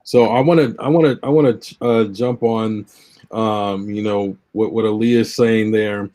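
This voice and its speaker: A man's voice: on the low side, fairly even intonation, normal speed, mellow. A young adult man moderating a panel discussion, posing questions in a thoughtful, somewhat hesitant way.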